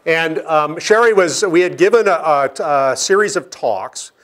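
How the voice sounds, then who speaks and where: Man, middle-aged, from Seattle, lecture, somewhat high voice, anecdotal, dry self-deprecating humor, frequent "okay?" checks. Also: lively intonation, measured pace, fairly bright tone. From Seattle, United States. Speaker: climate scientist giving a career lecture. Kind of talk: informal lecture with slides. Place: lecture room with audience.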